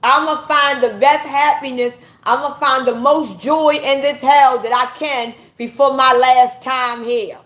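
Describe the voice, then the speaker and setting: High-voiced woman ranting in an echoey room. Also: fairly even intonation, a little slow, few pauses, a bit bright. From United States. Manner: ranting, profane, preachy. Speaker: vlogger. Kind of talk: impassioned monologue to viewers.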